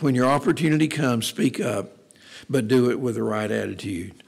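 A man's voice: medium pitch, normal speed, vocal fry, husky. A man preaching a sermon in an earnest, conversational way, repeating phrases for emphasis. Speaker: pastor.

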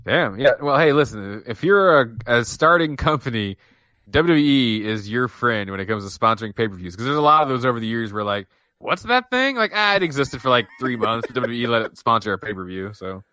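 A man's voice: medium pitch, brisk, bright, forceful tone, no room sound. A man co-hosting a podcast in casual chat about old wrestling, laid-back, saying "dude" and acting out his own reactions. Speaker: podcast co-host.

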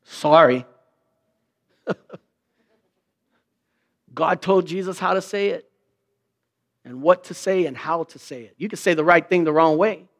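A man's voice: sits high, normal speed. A man preaching a sermon in a conversational way, asking rhetorical questions and acting out quoted remarks in mock voices. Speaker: pastor.

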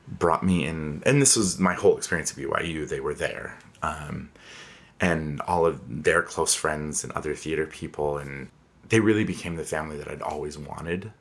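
Deep-voiced man in his thirties, candid and reflective, interview storytelling. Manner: candid, reflective, with frequent fillers. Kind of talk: personal storytelling.

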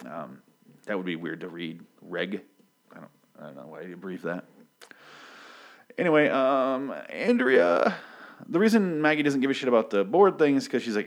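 A man's voice: deep voice, lively intonation, normal speed. A man casually recapping a comic book issue, rambling and profane, with many filler ums and restarts.

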